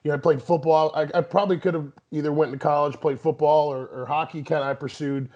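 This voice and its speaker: A man's voice: on the high side, steady tone, fast talker, a little mellow. A man in his thirties, a guest bodybuilder, talking casually and rambling with many restarts. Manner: rambling, frequent restarts and "you know". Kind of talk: casual interview talk. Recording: dull lo-fi sound.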